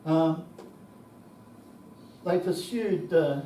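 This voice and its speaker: A man's voice: a little high, extremely slow, dark tone, a little hiss or hum. A man in his seventies with an Australian accent, telling anecdotes at a conference with salty swearing and chuckles. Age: 70s. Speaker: conference speaker. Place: conference hall. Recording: echoey hall, distant mic.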